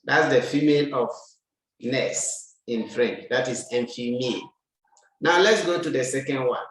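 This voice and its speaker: A man teaching French, drilling pronunciation and repeating each word slowly for the learner to copy. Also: mid-range voice. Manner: slow, deliberate, repeats words for the learner to copy. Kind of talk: language lesson, drilling pronunciation. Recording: very echoey room.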